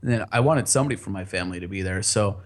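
A man's voice: deep voice, rapid-fire. A rambling, laughing man telling a story. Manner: rambling, laughs often, swears freely. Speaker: podcast guest telling a story. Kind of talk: casual storytelling chat.

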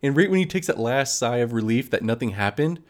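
A man's voice: medium pitch, lively intonation, fairly quick. A young man spins a story in easy, casual chat. He laughs often as he goes and briefly acts out his friends' voices along the way.

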